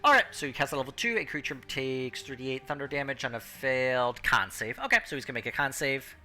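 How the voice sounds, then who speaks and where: A man running a tabletop game as game master, talking with many fillers and pauses, shifting into loud crowd and announcer voices. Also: mid-range voice, animated, faint music behind.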